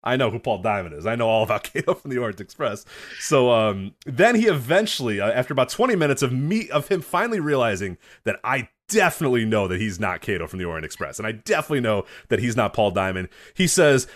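A man's voice: medium pitch, quick pace. A man co-hosting a wrestling podcast, telling a long story in casual chat, swearing, laughing and acting out quotes. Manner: animated, swearing, laughs often, acts out quotes. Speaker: podcast co-host.

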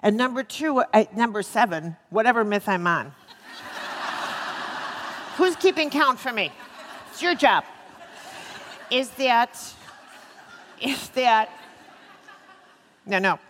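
A woman's voice: a little high, animated, slow, pauses often, fairly bright tone, a faint crowd, slight background noise. A woman giving a live talk on healing to an audience, joking with them and repeating words for emphasis. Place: lecture hall with an audience. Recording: long reverb of a lecture hall.

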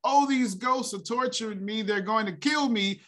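A man's voice: on the high side, wildly swooping pitch, slow, a bit bright, husky, voice pushed up, full character voice. A man voicing a frightened man in a spoken fable, his voice rising in alarm. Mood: terrified.

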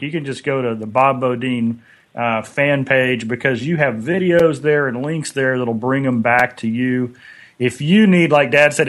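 A male host thanking his guest warmly and pointing listeners to the guest's book and page. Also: fairly high pitch. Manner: effusive, promotional. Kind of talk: show wrap-up and thanks.

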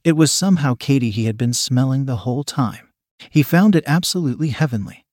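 A man's voice: mid-range voice, lively intonation, fairly quick, darkish tone, no echo, studio quality. Man reading an erotic story aloud. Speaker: story narrator. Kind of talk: scripted erotic story narration.

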